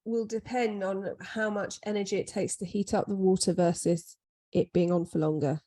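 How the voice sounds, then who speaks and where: A woman's voice: mid-range voice, steady tone, moderate pace, warm tone. Rambling, self-mocking woman podcaster. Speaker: podcast co-host. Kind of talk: casual chat.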